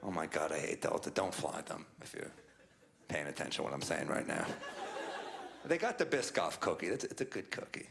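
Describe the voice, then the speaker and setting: A male stand-up comedian telling a sardonic, deadpan story to a live audience. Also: very deep voice, brisk, gravelly. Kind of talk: stand-up routine.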